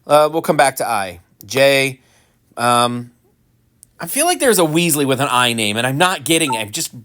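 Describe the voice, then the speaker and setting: A man's voice: medium pitch, moderate pace. Rambling man chatting while gaming. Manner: rambling, frequent ums and restarts; animated, mock-indignant asides. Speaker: gaming channel host. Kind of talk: casual commentary while playing.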